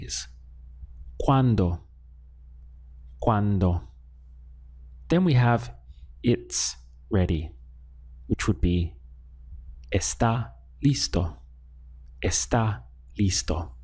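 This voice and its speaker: A man teaching a beginners' language lesson, saying each phrase twice in a patient, steady way. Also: lowish voice. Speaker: Spanish teacher. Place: lives in Latin America.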